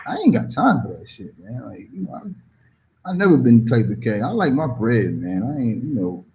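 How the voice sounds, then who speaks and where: A man from the United States, a guest telling a story in a casual, animated, slang-heavy way, often saying "you know what I mean.". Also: medium pitch, a little fast, lo-fi sound, a little hiss or hum.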